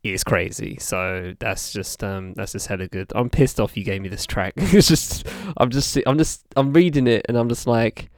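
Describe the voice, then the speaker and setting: A man's voice: lowish voice, normal speed, hardly any pauses, no echo, clean studio sound. Rambling man chatting about music. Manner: rambling, filler-heavy, joking exasperation. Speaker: podcast co-host. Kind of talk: casual chat about music.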